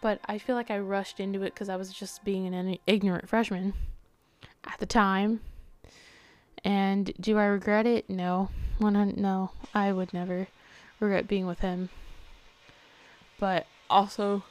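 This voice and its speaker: An unhurried teen girl with a medium-pitched, level voice hosts her own podcast. In this late-night confessional monologue she sounds tired and yawns, talking hesitantly and softly, frequently trailing into a whisper.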